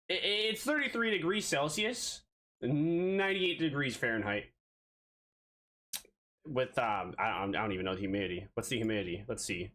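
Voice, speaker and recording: A man's voice: mid-range voice, fairly bright tone, poor audio. A man streaming live, chatting casually and rambling playfully to himself, a bit out of breath.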